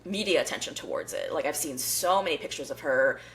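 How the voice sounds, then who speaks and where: A woman's voice: sits low, lively intonation, brisk, over a noisy crowd. A woman hosting a podcast in casual pop-culture chat, chatty and full of fillers. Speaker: podcast host.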